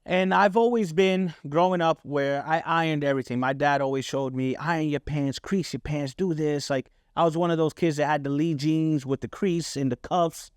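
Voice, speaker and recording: A middle-aged podcast host tells personal stories in a casual, candid monologue, swearing freely and often asking "right?" His voice sits on the high side, moving smoothly at a moderate pace with few pauses. The studio recording is clean and echo-free.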